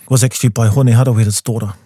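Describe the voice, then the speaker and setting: A man in his forties with a New Zealand accent, a composer guest telling his story in a studio interview and jumping into high voices when he quotes people. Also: steady tone, rapid-fire, warm tone, breathy edge, no room sound. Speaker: guest, composer and taonga pūoro player.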